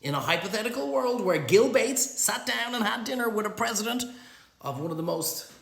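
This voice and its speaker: A man's voice: high voice, expressive, brisk, gravelly, fairly bright tone. A middle-aged Irish man delivering a sarcastic, profane monologue as a vlogger. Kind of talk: ranting monologue. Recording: roomy echo.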